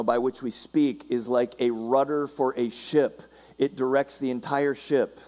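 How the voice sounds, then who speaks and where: A man's voice: medium pitch, a little mellow. A male pastor giving a conversational sermon to his church, with frequent restarts and casual asides. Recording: long hall reverb.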